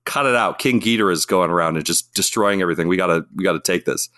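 A man's voice: sits low, fast talker, pushed and bright, no echo, clean studio sound. A man voicing a giant moth monster in a casual, matter-of-fact way. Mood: bossy. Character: giant male moth monster, bossy and practical.

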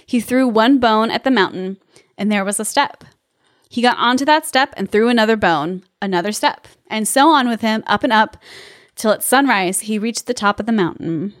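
A woman's voice: on the high side, normal speed, no echo, clean studio sound. A young woman hosting a podcast, reading a fairy tale aloud with giggly, wry asides. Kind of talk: comic storybook reading with asides.

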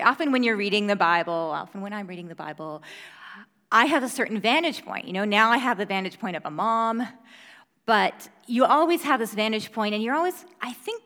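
A woman's voice: medium pitch, fairly bright tone. Earnest woman teaching the Bible, echoing hall. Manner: earnest, conversational, many fillers. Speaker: preacher. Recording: reverberant hall.

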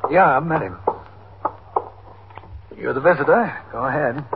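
A man playing a steady police captain on old radio. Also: mid-range voice, background noise, close to an everyday voice. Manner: brisk, direct, friendly authority. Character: steady, even-tempered male police captain. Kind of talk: 1950s radio drama acting. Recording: tinny old radio broadcast.

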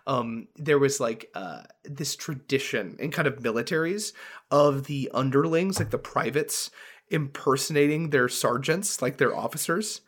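A man's voice: mid-range voice, a little slow, a bit bright. Rambling casual male podcast host. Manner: rambling, filler-heavy, laughs while talking. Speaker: podcast co-host and dungeon master.

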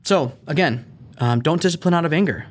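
A man's voice: fairly high pitch, brisk. Earnest middle-aged male podcast host. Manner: earnest, animated, acts out yelling at his kids. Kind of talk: faith-based parenting talk.

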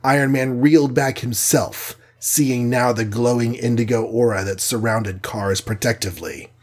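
A man reads a superhero storybook aloud in a steady, measured way. His voice is husky and sits at a middle pitch, with plain scripted narration. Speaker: audiobook narrator.

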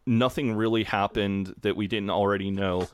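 A man's voice: fairly low pitch, moderate pace, clean tone. A man co-hosting a podcast, casually recapping a TV episode and retelling scenes with gusto. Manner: animated retelling, slips into character voices. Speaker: podcast co-host.

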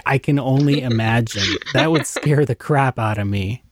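A man's voice: mid-range voice, moderate pace, no room sound, clean studio sound. A man hosting a podcast, asking friendly, joking questions in a casual interview. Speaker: podcast host.

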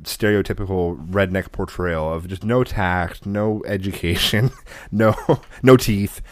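A man with a somewhat low voice tells a long, rambling story in a casual chat. He laughs often and backtracks as he goes. The sound is close and dry, with no room around it. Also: a little slow, no room sound. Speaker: podcast co-host.

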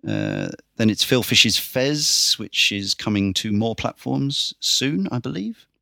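A man hosting a casual podcast, briskly reeling off a list with dry little asides. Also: medium pitch, wildly swooping pitch, vocal fry, pushed and bright, dry recording. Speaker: podcast host.

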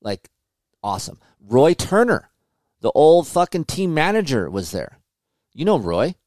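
A man hosting a motocross podcast, telling stories in a casual, animated way and swearing often. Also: on the high side, unhurried, no room sound, clean studio sound. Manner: profane, animated storytelling. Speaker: podcast host, motocross test rider. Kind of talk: casual chat.

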